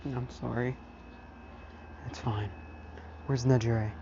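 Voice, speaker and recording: A man's voice: medium pitch, fairly even intonation, a little fast, highs cut off, noisy background, lightly acted. A man voicing a frightened teenage boy who is ashamed of himself, speaking in small, broken, apologetic phrases.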